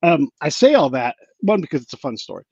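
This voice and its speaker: Male podcast host, husky and lively, storyteller who plays every part; dull dry lo-fi recording. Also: brisk, no room sound. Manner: animated, acts out quoted people with big pitch jumps. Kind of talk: casual storytelling chat.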